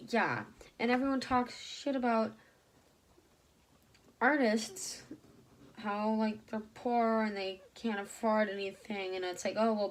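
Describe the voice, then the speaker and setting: Animated young woman ranting to camera. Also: a little high, slight background noise. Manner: animated, rambling with many fillers; heated, frustrated. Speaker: vlogger. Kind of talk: casual ranting vlog.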